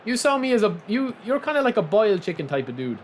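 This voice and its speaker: Lively high-pitched male game streamer. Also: fast talker, a little hiss or hum. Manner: chatty, repetitive, ends phrases with "man"; teasing, laughs easily. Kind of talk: live gameplay commentary.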